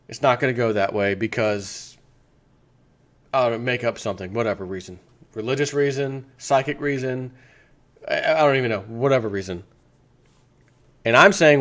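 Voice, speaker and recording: A man's voice: mid-range voice, moderate pace, long pauses, fairly bright tone. A man delivering a combative political rant as a vlogger, firing off rhetorical questions and rambling through crude asides. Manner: mocking, slips into sarcastic quoted voices. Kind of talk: ranting opinion monologue.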